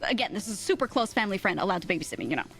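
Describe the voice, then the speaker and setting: A young woman streamer telling a story in casual chat, animated, laughing often and full of fillers. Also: medium pitch, rapid-fire, creaky, soft background music.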